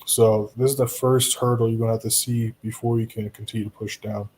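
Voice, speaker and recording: Dark-voiced man streaming casually. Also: on the low side, fairly quick, a little hiss or hum. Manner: relaxed, reassuring, talks straight to viewers with frequent "you know" and "right?". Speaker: live trading streamer. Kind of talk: casual live-stream commentary answering chat.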